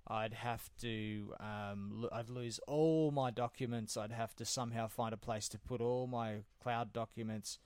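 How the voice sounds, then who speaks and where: Brief: man, average pitch, casual storyteller who chuckles a lot, close dry mic. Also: fairly even intonation, measured pace, few pauses, darkish tone, clear, resonant tone, dry recording.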